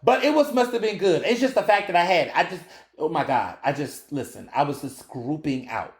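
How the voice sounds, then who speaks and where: Echoey animated man telling stories. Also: fairly high pitch, a little fast. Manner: animated, acts out quoted dialogue, swears freely. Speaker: podcast host. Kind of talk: casual storytelling monologue.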